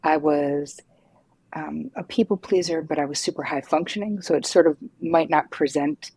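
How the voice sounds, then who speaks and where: A middle-aged woman, a psychotherapist guest, telling her story frankly and lively, swearing casually. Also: sits low, normal speed, breathy edge, no room sound. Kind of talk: candid conversational storytelling.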